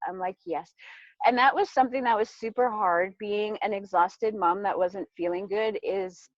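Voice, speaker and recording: A woman's voice: mid-range voice, steady tone, moderate pace, no echo, lo-fi sound. A mother in her thirties giving a casual personal testimony, chatty and full of "like", acting out her own past thoughts as she talks.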